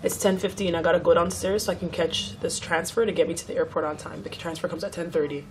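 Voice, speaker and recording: A woman's voice: on the low side, steady tone, quick pace, soft background music. A young woman vlogger telling a story in a casual chat, swearing freely and acting out what others said.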